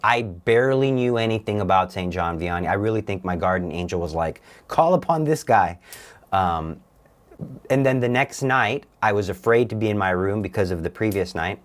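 A young man, a guest on a talk show, giving an earnest, halting personal testimony with many restarts. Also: sits low.

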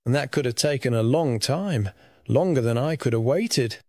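A man's voice: medium pitch, lively intonation, normal speed, darkish tone, no room sound, studio quality. A man earnestly telling his personal faith testimony about receiving a lung transplant, in a reflective storytelling manner.

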